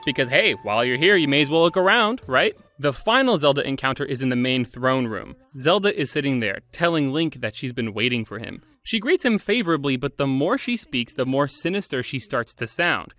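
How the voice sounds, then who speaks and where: A man's voice: mid-range voice, sing-song, a little fast, few pauses, bright, forceful tone, no echo. A young man narrating a scripted game review video essay, enthusiastic and opinionated with casual asides.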